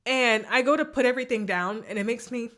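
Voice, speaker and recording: A woman's voice: a little high, a little fast, a bit bright. A woman vlogger telling a personal story in a candid, emotional way, often repeating herself.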